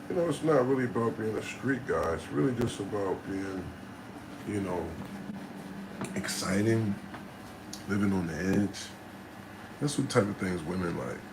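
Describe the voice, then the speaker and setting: A man's voice: on the low side, vocal fry. A battle rapper from New Jersey, talking bluntly and casually in slang to his livestream chat. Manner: blunt, laid-back, slangy, answers chat. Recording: steady background noise.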